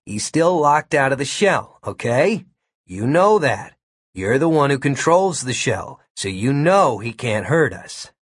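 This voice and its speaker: A man voicing Gary, a laid-back, wisecracking young man, in a low, hushed and husky voice while reading a story aloud. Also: very animated, unhurried, no room sound, studio quality. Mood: reassuring.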